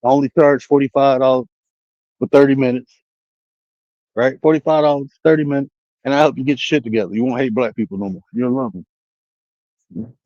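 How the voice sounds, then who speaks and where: A man's voice: mid-range voice, fast, long pauses, darkish tone, no room sound, muffled recording. Profane, taunting man on a stream. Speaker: streamer and life coach. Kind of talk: casual livestream rant. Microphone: streaming setup mic.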